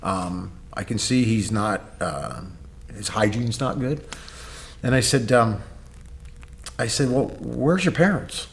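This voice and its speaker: A man, a gym owner and coach, telling a long story in a podcast interview, acting out quoted dialogue with many pauses on "uh.". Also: fairly low pitch, animated, vocal fry.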